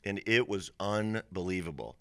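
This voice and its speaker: A middle-aged man, a musician telling an animated story as an interview guest, laughing often and acting out the voices of people in it. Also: sits low, normal speed, vocal fry, dry recording, clean studio sound. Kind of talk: casual storytelling.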